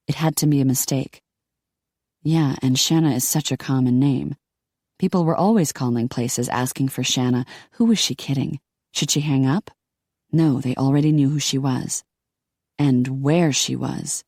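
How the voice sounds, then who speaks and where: A woman narrating a romance audiobook in a lively, wry storytelling manner. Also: very deep voice, moderate pace, no room sound, clean studio sound.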